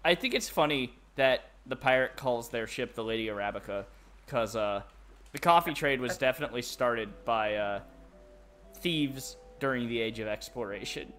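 A man's voice: mid-range voice, moderate pace, fairly bright tone, faint music behind. A man giving casual, playful commentary while streaming a game. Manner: playful, chatty. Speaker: let's play streamer.

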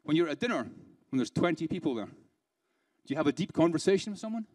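A British-accented keynote speaker addresses a conference room live, conversational and heavy on rhetorical questions and dry sarcasm. His fairly high voice is expressive, brisk and darkish, in a dry recording.

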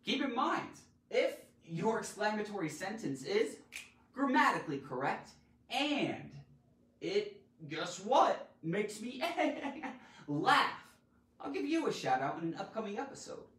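Theatrical man teaching grammar, very animated. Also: sits high, unhurried. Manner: theatrical and playful, with sudden loud exclamations. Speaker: grammar teacher hosting a live stream. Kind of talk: lively live-streamed grammar lesson. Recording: roomy echo, mic at a distance.

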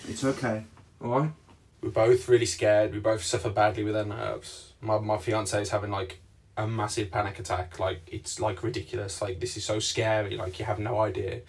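A young Englishman filming on a phone while trapped in a small lift, shaky and panicking, talking in reassurances and shouting for help. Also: lowish voice, little pitch movement, normal speed, slightly rough. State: panicking, shaking. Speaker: vlogger. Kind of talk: frightened handheld vlog. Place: inside a small stuck lift. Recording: distant phone mic, faint hiss.

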